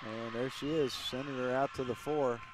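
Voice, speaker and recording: A man's voice: medium pitch, fairly even intonation, normal speed, heavy background noise. Chatty male basketball announcer. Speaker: play-by-play announcer. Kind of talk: sports commentary.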